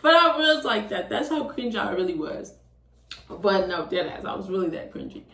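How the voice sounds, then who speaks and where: A young woman in her twenties telling a storytime, casual and animated, swearing often. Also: medium pitch, normal speed. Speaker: vlogger. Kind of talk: storytime vlog. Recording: roomy, distant from the mic.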